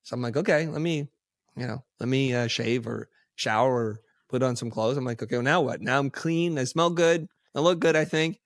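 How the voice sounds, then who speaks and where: Male podcast guest, middle pitch, animated storyteller who acts out dialogue, dry close mic. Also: brisk, dry recording. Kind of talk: casual storytelling.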